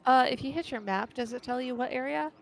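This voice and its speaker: A woman's voice: sits high, brisk, creaky. A young woman chatting casually and jokily while a game plays. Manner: jokey, playful, giggly. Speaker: co-host of a gaming stream. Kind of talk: casual chat over gameplay.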